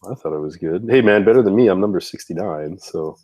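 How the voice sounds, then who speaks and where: A man with a heavy cold, co-hosting a casual live-stream chat with deadpan, teasing banter. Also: sits low, fast talker. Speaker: co-host.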